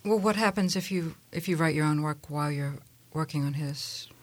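This interviewer has a middle-pitched voice and keeps asking curious follow-up questions. The sound is dry, with no room echo. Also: a little fast. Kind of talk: interview conversation.

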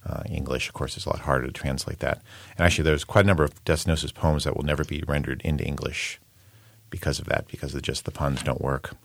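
Very deep-voiced man, thoughtful and measured. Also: little pitch movement, vocal fry, no room sound. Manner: thoughtful, measured, with frequent ums. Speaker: poetry translator and poet. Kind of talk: interview conversation.

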